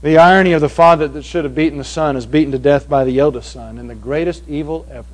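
A man preaching a sermon to a congregation, swinging from hushed passages to loud, emphatic ones. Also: fairly high pitch, quick pace, rough recording. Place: evening meeting before a congregation.

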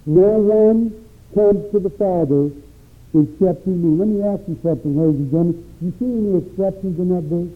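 A man's voice: high-pitched, moderate pace. A man preaching a sermon with an emphatic, rising and falling cadence. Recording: tinny phone-like recording.

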